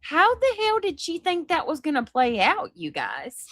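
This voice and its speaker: A woman hosting a live show, reacting to a video with loud, incredulous exclamations. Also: high-pitched, huge pitch swings, moderate pace, few pauses, dry recording.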